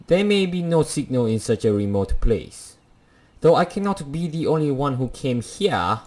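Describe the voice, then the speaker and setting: This let's-play gamer is a young man who alternates dramatic readings of a visual novel's text with jokey asides. His voice is mid-range and a little mellow.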